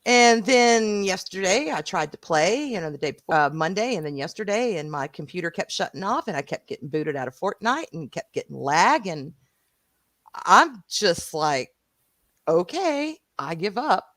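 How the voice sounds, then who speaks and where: A woman's voice: fairly low pitch, very animated, moderate pace, fairly bright tone, no echo. A woman with a Southern US accent, co-hosting a casual livestream and greeting her chat, calling viewers sweetheart and honey with a giggle. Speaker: co-host of a stream.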